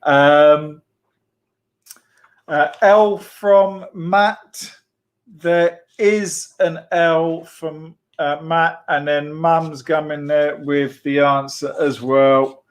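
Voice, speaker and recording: A man with a slightly high voice hosts a children's church club, talking casually to kids and families. He is playful and talkative, laughs easily, and stops often for an um or uh. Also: steady tone, extremely slow. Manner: chatty and playful, with frequent laughs and fillers. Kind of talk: casual online hosting for children.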